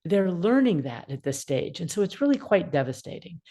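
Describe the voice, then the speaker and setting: A woman in her sixties with a low voice gives parenting advice as a mediator. She talks in an animated way and acts out the feelings she describes. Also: moderate pace. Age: 60s. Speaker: attorney mediator and parenting guest.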